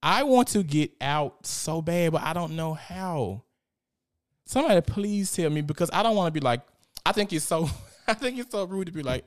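A young man hosts a casual live stream, talking in an animated, profane way and reading out viewer comments. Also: fairly high pitch, normal speed. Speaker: host.

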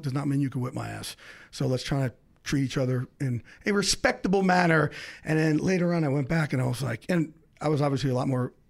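A middle-aged man, a sports insider, telling a story as a podcast guest with fast, excitable delivery, acting out the other people in it. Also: a little high, gravelly. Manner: fast, excitable, acts out quoted voices. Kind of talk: animated storytelling.

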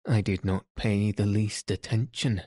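A man's voice: on the low side, steady tone, unhurried, mellow, dry recording, clean studio sound. A man voicing an anxious, impulsive young nobleman who speaks urgently.

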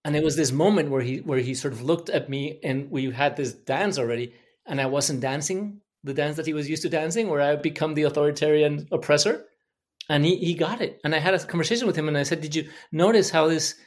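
A man's voice: on the high side, quick pace. A man from Mexico, a podcast guest, telling candid, self-reflective stories about his own parenting. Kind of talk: reflective personal storytelling.

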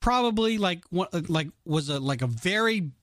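A man co-hosting a casual podcast, telling a story with many restarts and lively quoted voices. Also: high voice, normal speed, no room sound, clean studio sound. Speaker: podcast co-host.

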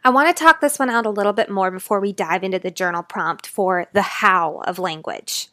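A woman life coach talking straight to her listeners in a podcast monologue, swinging between fast, loud stretches and slow, quiet ones. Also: medium pitch, no room sound.

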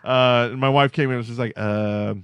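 A man's voice: mid-range voice, flat delivery, quick pace, clear, resonant tone, dry recording, lo-fi sound. A man co-hosting a podcast, chatting casually and rambling with lots of "like" fillers. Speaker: podcast co-host. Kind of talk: casual chat.

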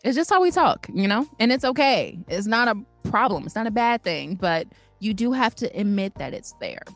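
A woman's voice: on the high side, lively intonation, moderate pace, faint music behind. A young woman with a Chicago accent, co-hosting a live talk show in a playful, laughing, emphatic way. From Chicago, USA. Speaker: co-host. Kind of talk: casual chat.

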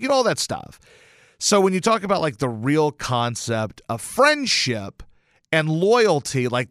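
A man's voice: medium pitch, fairly bright tone, dry recording, studio quality. A man hosting a radio show, telling a rambling, self-deprecating story in a casual monologue, with some swearing. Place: radio station studio.

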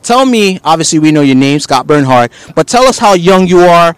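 A man's voice: fairly high pitch, lively intonation, fairly quick, smooth, no echo. A man hosting an interview, chatting loosely with many "you know"s and "if you will"s. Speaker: interview host. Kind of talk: casual interview talk.

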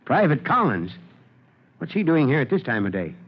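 An actor playing a kindly, gruff old fire chief in a 1940s radio drama, fatherly and teasing, on a dull lo-fi old radio recording. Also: on the high side, big pitch swings, normal speed. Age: older.

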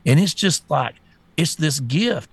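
A gravelly, slightly high-pitched man co-hosts a political talk show. He stammers through heated rants and mocks others with put-on voices. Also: lively intonation, takes it slowly, no room sound. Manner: stammering, rants with mocking impressions. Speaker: co-host.

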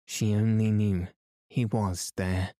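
A man reading a story aloud to help listeners fall asleep, in a calm and soothing way. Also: lowish voice, no echo, clean studio sound. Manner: slow, soothing, even. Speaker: sleep story narrator.

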